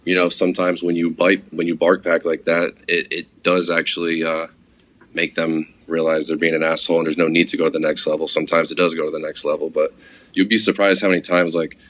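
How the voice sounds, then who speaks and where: A man's voice: deep voice, little pitch movement, brisk, a bit bright. A man telling a story in a casual podcast chat in a blunt, plain-spoken way.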